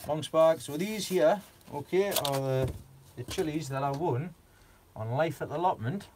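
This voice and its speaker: A man's voice: on the high side, normal speed, noisy background. Rambling, giggly man. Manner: rambling, giggly, many fillers. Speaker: gardening live-streamer. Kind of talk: casual live stream chat.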